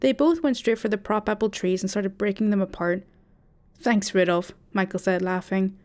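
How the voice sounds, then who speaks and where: A woman narrating a first-person horror story in a steady, dramatic storytelling manner. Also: mid-range voice, a little fast.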